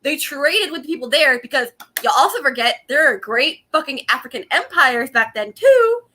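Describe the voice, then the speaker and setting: A woman's voice: sits high, very animated, normal speed, bright, forceful tone, slight background noise. A young woman, ranting angrily and profanely on a casual laptop livestream at home, laughing often. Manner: angry profane rant with frequent laughs. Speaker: vlogger. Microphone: laptop webcam.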